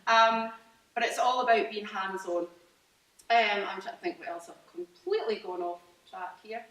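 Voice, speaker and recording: A Scottish woman farmer chats enthusiastically to an audience about her farm business, full of fillers and restarts. Her medium-pitched, fairly bright voice is animated and moves at a moderate pace. It's an informal talk captured by a distant mic in a roomy hall.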